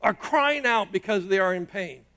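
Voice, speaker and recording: Brief: middle-aged male pastor, high-pitched voice, emphatic sermon delivery with rises and hushed drops. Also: expressive, normal speed. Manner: emphatic preaching, rising and dropping in pitch and loudness.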